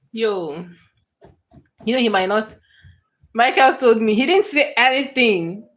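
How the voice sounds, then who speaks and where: A woman's voice: fairly high pitch, animated, takes it slowly. A woman hosting a casual livestream, answering viewers' comments with frequent laughter and repeated, restarted phrases. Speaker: livestream host.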